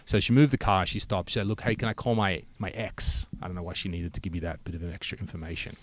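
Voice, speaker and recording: A man with a low-pitched voice talks fast as he tells a long story in casual conversation. He's an animated storyteller who swears freely and acts out what people said.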